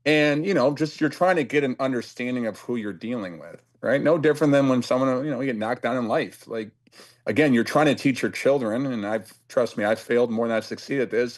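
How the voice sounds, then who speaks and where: A man from Cleveland, a football coach, giving reflective interview answers in a thoughtful, measured and earnest way. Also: medium pitch. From Cleveland, USA.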